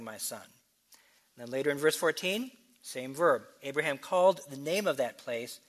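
A man delivering an expository sermon at a mid pitch. He moves between quick conversational asides and slow, deliberate readings of scripture, pressing on key words. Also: expressive, a bit bright. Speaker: preacher.

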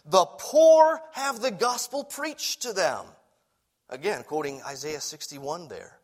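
A man with a high voice preaches a sermon at a slow pace. He is animated, swinging between loud emphasis and quiet asides, and sometimes repeats words as he restarts.

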